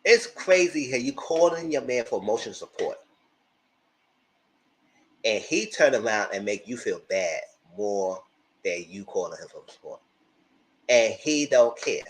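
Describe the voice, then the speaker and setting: A man gives casual live commentary on a TV show, sassy and talking straight back at the screen. His voice sits in a middling pitch, and he runs on in a loose, chatty flow. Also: lively intonation, a little slow, long pauses. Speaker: TV show reviewer.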